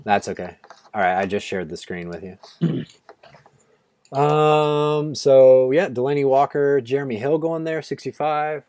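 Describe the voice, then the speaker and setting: On a video call from home, a man co-hosts a fantasy football draft stream, talking casually and rambling with many restarts and lots of "like." His voice is medium-pitched, unhurried, a little mellow and smooth, with no room sound.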